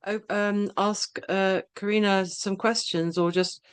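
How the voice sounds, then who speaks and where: A woman hosting a webinar over a video call, agreeing warmly with her guest and speaking hesitantly with many fillers and restarts. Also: mid-range voice, fairly even intonation, unhurried, clear, resonant tone, dry recording. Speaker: host. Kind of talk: casual webinar chat.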